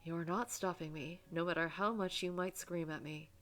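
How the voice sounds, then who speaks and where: A woman's voice: fairly low pitch, steady tone, moderate pace, fairly bright tone, faint music behind, natural voice. A woman voicing a wounded giant male guard who is loyal and protective, speaking earnestly and resolutely.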